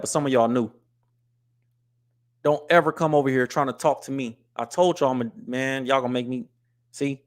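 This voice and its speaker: A man's voice: medium pitch, fairly even intonation, moderate pace. A man from the US West Coast hosting a live stream, talking casually and bluntly, scolding viewers and reading their comments aloud. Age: adult with wife and kids. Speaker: livestream host.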